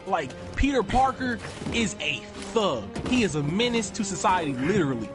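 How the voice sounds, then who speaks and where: A man live-streaming while gaming, telling stories in a casual, animated way, swearing freely and acting out other people's voices. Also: high-pitched, moderate pace. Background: music.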